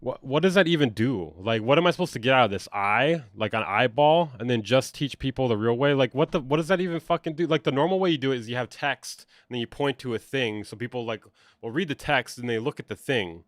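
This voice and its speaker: A young man talks through a casual livestream, blunt and sarcastic, swearing often as he picks apart online drama. His voice sits at an ordinary middle pitch. The sound is close and dry, with no room echo. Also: fast talker. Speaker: music producer streamer reacting to online drama.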